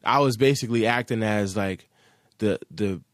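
A man with a fairly low voice talks loosely and easily, trailing into slang and fillers. His speech is recorded close and dry, with no room sound. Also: moderate pace, no room sound. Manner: laid-back slangy talk, many fillers. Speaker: rapper and producer, guest. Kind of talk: casual interview chat.

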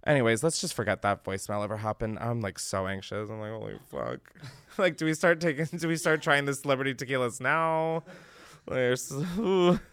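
A man's voice: mid-range voice, fairly quick, a bit bright, clear, resonant tone, dry recording. A young man hosting a casual podcast, rambling and self-deprecating, swearing often. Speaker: podcast host.

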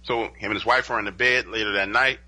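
A man telling a paranormal encounter story as a podcast guest, in an animated, conversational way that acts out what witnesses said. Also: lowish voice, fast. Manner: conversational, peppered with "you know" and "like". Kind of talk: casual spoken storytelling.

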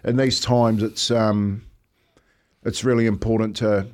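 A man's voice: fairly low pitch, flat delivery, measured pace. A New Zealand man in his fifties, a radio co-host, talking in a reflective, storytelling way and often saying mate. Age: 50s. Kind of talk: casual radio chat. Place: radio studio.

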